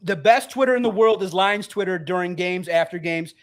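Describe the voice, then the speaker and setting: A man's voice: high voice, fairly quick. A man in his forties, a sports writer guest, making his point emphatically and repetitively in a heated sports debate. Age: 40s.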